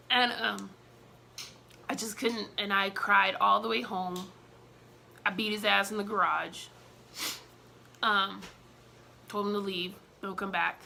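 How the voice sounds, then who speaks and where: A woman's voice: medium pitch, fairly even intonation, slow, gravelly, pauses often, sharp tone, a little hiss or hum. A young woman telling a personal story in a casual storytime vlog, candid and emotional, with many fillers.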